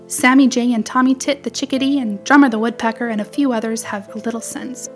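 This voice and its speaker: A woman reading a children's story aloud with gentle, expressive storytelling. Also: a little high, quick pace, hardly any pauses, faint music behind. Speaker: narrator.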